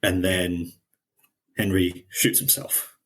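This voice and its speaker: Man, podcast co-host, slow unhurried talk, husky voice, low pitch. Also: fairly even intonation, fairly bright tone. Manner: retelling scenes, quoting characters in a lighter voice. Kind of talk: casual chat.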